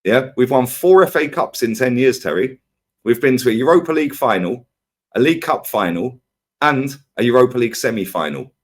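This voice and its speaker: Brisk and medium-pitched, a man rants in a heated football fan debate, firing rhetorical questions at his co-host. He's animated, tossing in rhetorical "yeah?" and "right?" as he goes.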